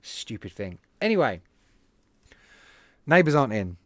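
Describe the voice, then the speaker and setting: A man hosting a podcast, telling a rambling, animated story to his live chat at home with self-deprecating asides. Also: medium pitch, measured pace, no room sound, clean studio sound. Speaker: podcast host.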